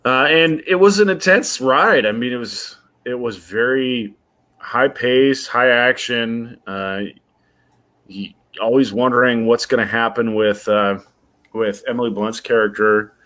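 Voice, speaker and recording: A man co-hosting a movie podcast in casual chat, with dry deadpan jokes and halting, thoughtful explanations. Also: mid-range voice. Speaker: podcast co-host.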